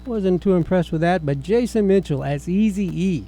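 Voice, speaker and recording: A middle-aged man with a high voice hosts a relaxed film review chat. His tone is mellow and soft-edged, and he rambles along, restarting sentences as thoughts occur to him. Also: moderate pace, rough recording. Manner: chatty, rambling, with frequent restarts. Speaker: film review show host.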